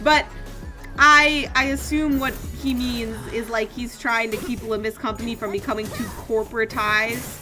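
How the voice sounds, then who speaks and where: A young woman streaming a game, chatting casually, reading the story text aloud and breaking into playful, excited outbursts. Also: a little high, moderate pace, faint music behind. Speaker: gaming streamer.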